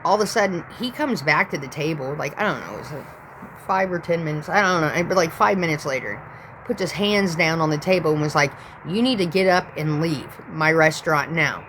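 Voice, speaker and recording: A woman's voice: low-pitched, expressive, fairly quick, a bit bright, slight background noise, poor audio. A woman in her thirties telling a rambling, profane story in a casual vlog.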